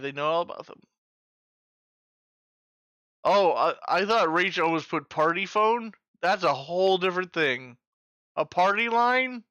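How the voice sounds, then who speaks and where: A man's voice: fairly high pitch, bright, forceful tone, no room sound, highs cut off. A man in his forties hosting a trivia night in casual chat, joking, swearing freely and making sound-effect noises. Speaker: trivia host.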